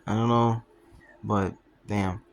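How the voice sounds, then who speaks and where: Young guy with a lowish voice just rambling to the camera, loose and wandering, lots of "man" and "you know". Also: fairly even intonation, takes it slowly. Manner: rambling, trails off, frequent swearing and fillers. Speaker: vlogger. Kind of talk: casual rambling monologue.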